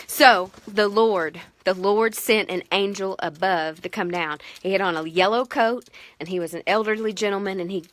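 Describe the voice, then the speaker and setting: Bright, animated woman telling a story. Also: medium pitch, dry recording. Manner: animated, dramatic and self-mocking. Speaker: mother telling a family ski story. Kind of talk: casual storytelling to camera.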